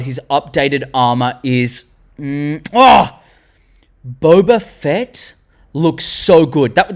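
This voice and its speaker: An Australian man hosting a fan video, gushing excitedly about favorite characters and breaking into silly voices. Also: fairly high pitch. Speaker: vlog host. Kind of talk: enthusiastic fan commentary.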